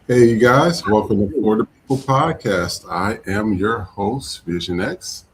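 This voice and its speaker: Energetic male podcast host. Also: lowish voice, unhurried, slight background noise. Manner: energetic greetings and shout-outs. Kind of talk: live podcast opening.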